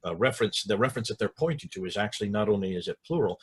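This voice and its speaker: A man with a low, husky voice who talks quickly. As host he recaps eagerly, using fillers, and leads into questions over a video call. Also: animated. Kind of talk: interview talk.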